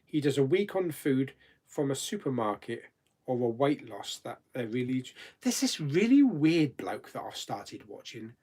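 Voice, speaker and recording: A man with a slightly husky voice hosts a relaxed live chat, reading viewers' questions aloud and answering them. His pitch swings around a lot as he talks, and he laughs easily. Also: measured pace. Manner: chatty, laughs often, reads viewer comments aloud. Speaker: host of a live chat stream.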